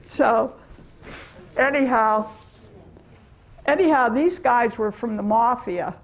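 Speaking slowly in a slightly high voice, this guest speaker is an older woman from the USA. She recounts her mission trip to a church gathering in a chatty way, laughing frequently.

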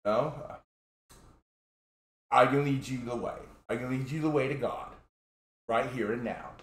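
A man's voice: mid-range voice, unhurried, slight background noise, close to an everyday voice. A man voicing a pushy, insistent male street preacher who keeps repeating himself. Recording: echoey room.

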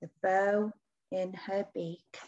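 A woman teacher reading a picture book aloud to children, with big leaps in pitch on key words. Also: level tone, takes it slowly, dull audio, noisy background.

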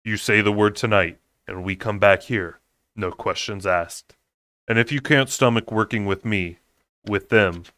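A man voicing a teasing winged male fae lord, speaking low, slow and soft. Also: dry recording. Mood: gentle.

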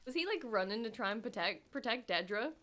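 Excitable woman, lively swings, slightly high, cusses freely; reaction streamer. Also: a little fast, slight background noise. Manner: excitable, swears freely, laughs and gasps often. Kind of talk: live reaction commentary.

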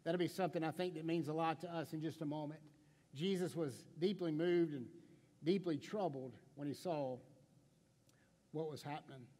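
A man delivers an impassioned sermon as a pastor, his voice sitting high for a man. He swings between fired-up emphasis and quiet, hushed asides, putting questions straight to the congregation. A long reverb trails off each phrase. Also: moderate pace.

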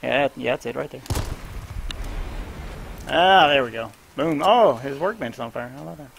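A man with a gravelly voice at an everyday, middling pitch chats casually while he plays. He gives a teammate quick, offhand instructions in a loose, easygoing way. A faint hiss sits under the recording. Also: lively intonation, poor audio. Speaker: gamer streaming his own play. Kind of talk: casual gameplay commentary to a teammate.

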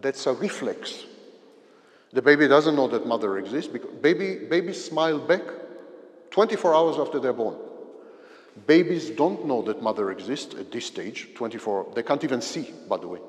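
A man giving a psychology lecture at a university, explaining slowly, repeating key phrases and giving everyday examples. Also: medium pitch, expressive. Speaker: visiting psychology professor. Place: lecture hall. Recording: long reverb of a lecture hall.

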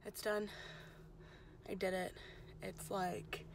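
A young woman vlogs outside a testing center right after finishing an exam, rambling emotionally and slipping into quick asides in casual chat. Her mid-range voice holds a steady tone over a noisy background.

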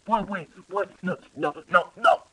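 A man's voice: sits high, unhurried, a crowd in the background, poor audio. A man voicing a goofy, easily upset male movie star in an improvised comic voice-over, with whiny, exaggerated complaints. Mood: annoyed.

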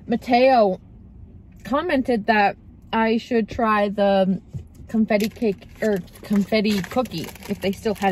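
A woman's voice: mid-range voice, a little hiss or hum. A young woman from Canada chatting casually to her vlog camera from her car, laughing often and trailing off. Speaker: vlogger.

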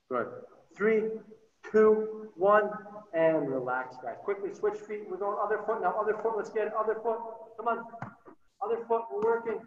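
High-voiced guy hyping up a soccer drill, roomy echo, kinda far off and muffled. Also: moderate pace, slight background noise. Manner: energetic, encouraging, short repeated cues. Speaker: youth soccer coach. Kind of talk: virtual training session coaching. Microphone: computer mic on a video call. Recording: roomy, distant, dull sound.

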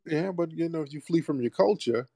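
A man's voice: fairly high pitch, expressive, fairly quick, gravelly, dark tone, breathy edge, no echo. Mocking male radio host, dry sound. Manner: mocking, interrogating and teasing. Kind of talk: call-in show chat.

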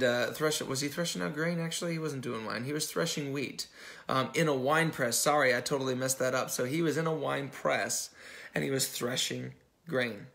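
Conversational preaching man, middle pitch. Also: vocal fry, fairly bright tone. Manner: conversational preaching with restarts and self-corrections; acts out the dialogue from the story. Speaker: pastor. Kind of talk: sermon.

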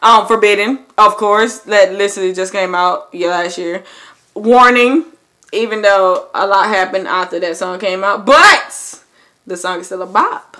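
Animated, bright-voiced young woman vlogger. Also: mid-range voice, unhurried. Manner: animated, swings into loud excited shouts and laughs; talks straight to viewers with lots of "y'all". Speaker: YouTuber. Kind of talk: casual vlog chat.

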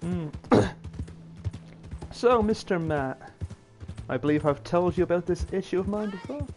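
A man's voice: high voice, lively intonation, a little slow, darkish tone, soft background music. A man streaming a video game, making sarcastic jokes and mumbling to himself as he plays. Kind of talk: live gameplay commentary.

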